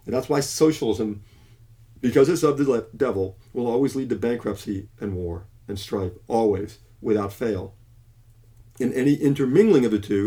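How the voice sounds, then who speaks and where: A man's voice: mid-range voice, dark tone. A man delivering an emphatic preaching monologue on faith and economics, with frequent restarts and self-corrections. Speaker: Christian commentator.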